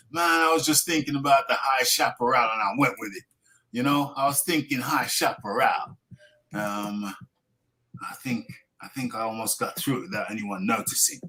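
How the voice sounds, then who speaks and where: A man's voice: mid-range voice, normal speed, pushed and bright, poor audio. A man hosting a boxing talk show, chatting casually with wry jokes and lots of repetition. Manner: repeats himself, wry and joking. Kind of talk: casual live podcast chat.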